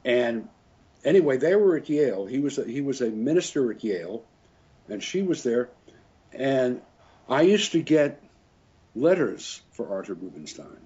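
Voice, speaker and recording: Husky older man telling rambling anecdotes. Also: mid-range voice, very animated, normal speed, mellow. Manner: rambling, chuckling, self-correcting. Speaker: interviewee, French horn player. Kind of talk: casual anecdotal storytelling. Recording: dull lo-fi recording.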